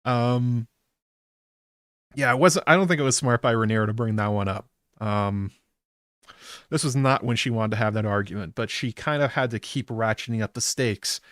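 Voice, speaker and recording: A man's voice: on the low side, fairly quick, a bit bright, no room sound, studio quality. A man hosting a podcast, recapping a TV episode in a rambling, casual way with lots of filler words. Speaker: podcast host.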